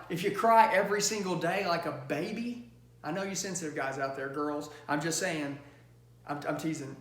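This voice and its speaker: A man giving a high-energy, emphatic sales training lesson, coaching listeners directly. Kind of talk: motivational sales training talk. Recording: roomy echo.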